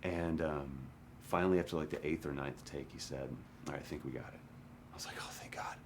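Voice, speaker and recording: A male actor candidly recalling a hard shoot, frank and at times dropping to a hush. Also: a bass voice, steady tone, brisk, slight background noise. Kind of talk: candid interview recollection. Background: music.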